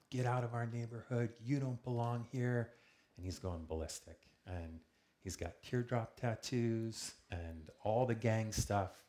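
A man telling a personal story to a small group in a calm, earnest way, acting out the lines of the people in it. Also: low-pitched. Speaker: speaker sharing a testimony with a group.

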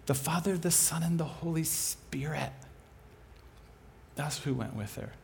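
A male preacher with a somewhat high voice tells a personal story from the pulpit. His delivery is animated and chatty, with frequent chuckles between sermon points. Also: measured pace, creaky, a little hiss or hum.

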